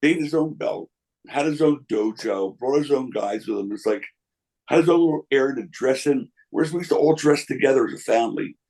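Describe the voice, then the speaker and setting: A gravelly, husky older man with a middling pitch tells stories from his past as a guest in an interview. He answers candidly, slipping into other people's voices when he quotes them. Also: brisk, a little mellow, low-quality recording. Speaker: interview guest, wrestling promoter.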